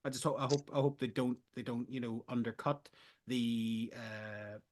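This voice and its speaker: A man co-hosting a film podcast, rambling and jokey, getting loud when excited. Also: mid-range voice, moderate pace. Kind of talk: casual chat.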